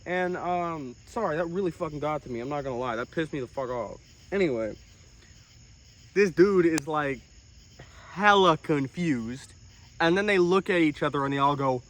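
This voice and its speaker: A young man in a comedic monologue, self-important and deadpan, breaking into outraged, swearing outbursts. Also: on the high side, brisk. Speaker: comedic storyteller in character.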